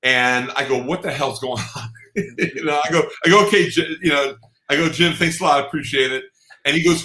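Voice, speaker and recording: Guy telling backstage stories, bright lively voice, kinda echoey room. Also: a little high, a little fast. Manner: animated, laughing, exclaims. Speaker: guest photographer. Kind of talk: casual storytelling chat.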